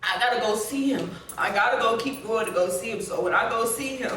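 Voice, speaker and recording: A woman's voice: on the high side, a little fast, a little hiss or hum. A woman being interviewed for a documentary, telling a personal story in a blunt, profane, rambling way with many fillers. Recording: very echoey room, distant mic, soft music underneath.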